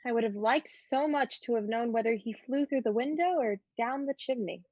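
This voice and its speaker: A woman's voice: fairly high pitch, moderate pace, darkish tone, dry recording, close to an everyday voice. A woman voicing a curious, playful fourteen-year-old girl in an amateur online play reading, teasing and pleading by turns. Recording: dull lo-fi sound.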